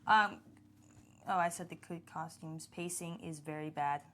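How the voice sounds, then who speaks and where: A woman's voice: low-pitched, fairly even intonation, a little slow, a bit bright. A woman co-hosting a podcast, chatting casually about a show with a lot of "like" and restarts. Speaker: podcast co-host. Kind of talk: casual chat reviewing a show.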